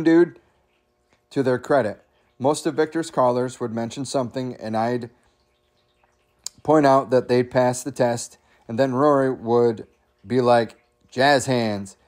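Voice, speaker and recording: A man's voice: medium pitch, darkish tone. A man reads a humorous memoir aloud in a casual, easygoing way. He chuckles often and breaks off for chatty asides to his listeners. Now and then he has to cough. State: coughing at times. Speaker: audiobook reader.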